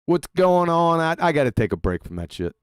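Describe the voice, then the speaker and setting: A man with a high, smooth voice runs a livestream, reacting to a played clip with crude, mocking commentary. He speaks close to a dry microphone and breaks into loud, profane outbursts. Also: very animated, a little fast, no room sound. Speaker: livestream host.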